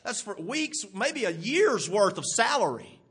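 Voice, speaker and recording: A man voicing a greedy, scheming male disciple who grumbles about money, with a husky voice. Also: high-pitched, very animated, a little slow, fairly bright tone, voice pushed up, full character voice. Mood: grumbling.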